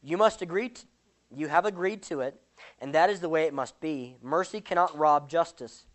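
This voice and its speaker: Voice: medium pitch, normal speed, lightly acted. A speaker reading a parable aloud and voicing a stern male creditor who insists on justice. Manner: firm, insistent.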